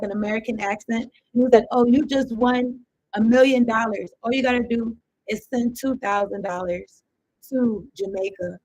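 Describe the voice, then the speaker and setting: A woman tarot card reader gives a casual reading, rambling and thinking aloud in loose slang with some swearing. Her voice is on the high side, and the recording is rough, with no room sound.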